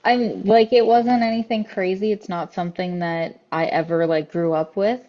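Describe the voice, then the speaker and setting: A woman's voice: mid-range voice, fairly even intonation, moderate pace, dark tone, highs cut off. A woman guest on a podcast, telling a story casually and bluntly, swearing often and filling with "like". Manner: blunt, profane, frequent 'like' fillers.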